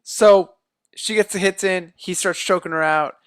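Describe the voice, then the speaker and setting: Smooth-voiced man recapping a movie. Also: sits high, fairly even intonation, moderate pace, no echo, studio quality. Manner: rambling plot recap, cursing, laughing. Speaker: podcast co-host. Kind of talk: casual movie review chat.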